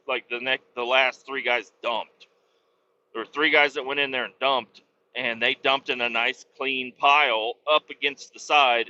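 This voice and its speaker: A man in a truck cab rambles through his workday in a loose, foul-mouthed, self-mocking podcast monologue. His voice has an intense, cutting brightness and a little wheeze. The recording sounds somewhat muffled and lo-fi, with faint noise underneath. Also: medium pitch. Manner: profane, self-mocking storytelling. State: slightly wheezy. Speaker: truck driver and podcast host. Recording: slightly dull lo-fi sound.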